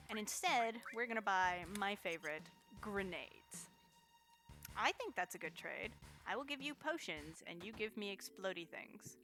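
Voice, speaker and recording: Woman streamer, casual jokey speedrun commentary, bright and punchy tone. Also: medium pitch. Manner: playful, chatty, jokey asides to chat.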